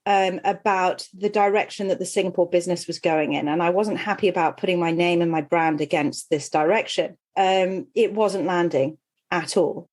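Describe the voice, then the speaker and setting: A woman's voice: lowish voice, moderate pace. A middle-aged woman, a well-being coach and podcast guest, telling a personal story candidly and with animation. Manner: candid, animated, laughs while telling stories. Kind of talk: conversational storytelling.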